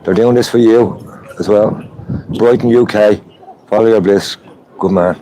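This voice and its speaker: An Irish man talks to his live audience from a phone while he walks through a street protest outdoors. His voice sits low and sounds warm and relaxed. He chats casually and greets each viewer by name. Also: moderate pace, slight background noise, low-quality recording. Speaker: livestreamer.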